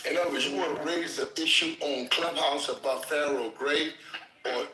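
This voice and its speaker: A man's voice: a little high, steady tone, moderate pace, pushed and bright. A man on a group audio chat, loose and joking, talking over other people. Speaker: chat participant. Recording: echoey room, faint noise.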